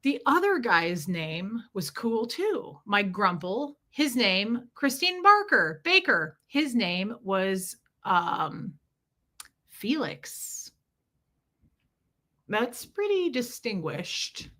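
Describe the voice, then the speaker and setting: Bright-voiced woman chatting on a livestream. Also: medium pitch, sing-song, very slow. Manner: chatty, rambling, greets viewers by name. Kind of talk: casual livestream chat.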